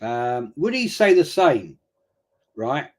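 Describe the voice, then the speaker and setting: A middle-aged man talks over a football game in a relaxed, rambling way. His voice sits at an ordinary middle pitch, and his casual slang gives the talk a blokey, chatty feel. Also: slow pace. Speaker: watch-along streamer. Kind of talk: casual live chat during a football match.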